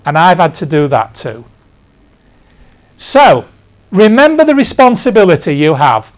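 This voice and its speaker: An older English man giving a chatty sermon in a church, his voice riding high for a man and swinging widely in pitch. He tells stories with emphatic, self-deprecating asides. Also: very animated, a little slow. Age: 60s. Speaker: preacher. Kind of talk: conversational sermon.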